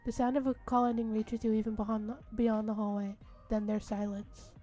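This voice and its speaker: A woman reading a visual novel's narration aloud in a hushed, dramatic way during a casual let's-play, with faint music behind her. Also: on the high side, little pitch movement, a little fast.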